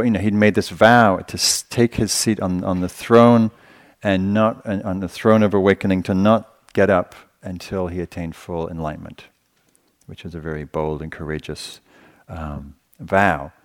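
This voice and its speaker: A male meditation teacher giving a dharma talk in a gentle, conversational way, often searching for words. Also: sits low.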